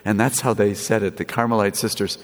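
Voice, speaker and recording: A man preaching a sermon, slow and lively, with playful asides. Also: lowish voice, slight background noise. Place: church. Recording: echoey church with long reverb.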